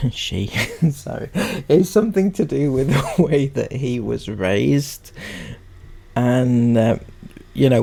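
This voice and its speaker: Man, gravelly voice, dark tone, sarcastic, mocking reaction commentary. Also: mid-range voice. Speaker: commentary YouTuber.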